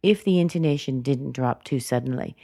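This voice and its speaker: A woman with a low, mellow voice gives a scripted pronunciation lesson. She speaks clearly and deliberately, and the recording sounds dry and close. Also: dry recording. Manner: clear, deliberate modeling of intonation. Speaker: English pronunciation teacher. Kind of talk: scripted teaching narration.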